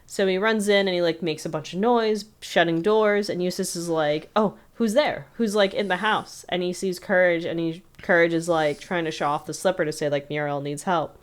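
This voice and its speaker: A woman's voice: fairly low pitch, steady tone, brisk, few pauses, clear, resonant tone. A woman co-hosting a podcast, casually recapping a cartoon episode in a rambling way full of "like" and fillers. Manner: rambling, filler-heavy retelling with frequent "like". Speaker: podcast co-host.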